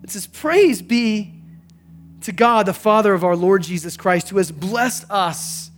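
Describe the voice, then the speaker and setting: A man preaching a sermon, swinging between hushed and emphatic delivery. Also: high-pitched, lively intonation, measured pace, faint music behind. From American South. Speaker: pastor.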